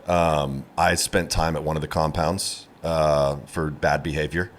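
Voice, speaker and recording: Deep-voiced man telling his story haltingly. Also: steady tone, a little hiss or hum. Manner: halting storytelling, many fillers and restarts. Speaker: comedian guest. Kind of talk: casual podcast interview.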